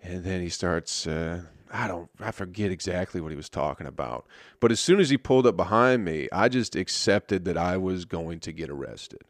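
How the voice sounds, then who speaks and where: A man's voice: sits low, animated, moderate pace, no echo, clean studio sound. A man, a stand-up comedian, telling a story in a laid-back, rambling way full of swearing. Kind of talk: casual storytelling.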